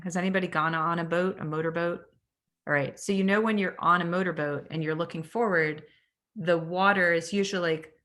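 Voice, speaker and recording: A Canadian-accented real estate agent gives a casual training talk over a video call, conversational and full of ums as she poses questions to her audience. Her voice is lowish and a bit bright.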